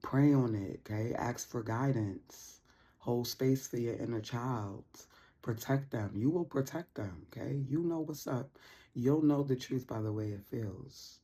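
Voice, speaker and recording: A woman hosting a casual tarot reading vlog with a mellow, husky voice. She talks in loose, slangy bursts, teasing and encouraging by turns. Her delivery is playful and animated. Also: rumbling low, a little slow. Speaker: tarot reader.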